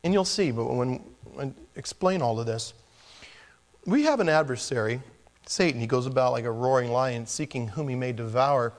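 Conversational preacher man, hushed to emphatic. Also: medium pitch, normal speed. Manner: conversational preaching, shifting from hushed near-whispers to emphatic exhortation. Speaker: pastor. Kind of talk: expository sermon.

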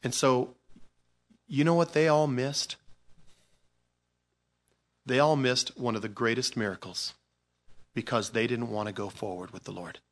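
Speaking at a medium pitch, a pastor delivers his sermon a little slowly, pausing often. His style is lively and casual, shifting between shouted exclamations and hushed asides, with repetitions and restarts along the way.

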